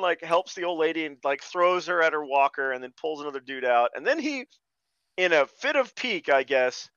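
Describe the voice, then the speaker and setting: A man's voice: fairly high pitch, very animated, normal speed, a bit bright, smooth, no room sound. A man hosting a podcast, ranting sarcastically about a bad movie in casual chat. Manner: sarcastic, exasperated rants with profanity. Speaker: podcast host. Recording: dry, dull lo-fi sound.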